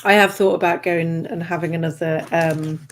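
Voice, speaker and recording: A woman hosting a casual chat, talkative and quick to laugh and exclaim. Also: fairly low pitch, steady tone. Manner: chatty, laughs easily, exclaims. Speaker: host.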